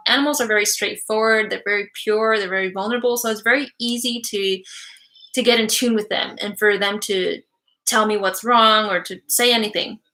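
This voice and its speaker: A woman's voice: medium pitch, pushed and bright. A young woman giving psychic readings on a live stream, chatty and giggly with many fillers.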